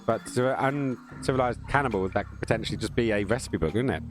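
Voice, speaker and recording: A man's voice: medium pitch, fast. A man giving chatty, joking gameplay commentary with crude asides as a streamer. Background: game music.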